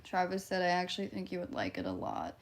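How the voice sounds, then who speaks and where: Blunt Midwestern woman with vocal fry. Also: lowish voice, big pitch swings, quick pace. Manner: blunt, offhand and profane, laughs often. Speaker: livestreamer. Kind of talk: casual livestream chat, reading viewer comments.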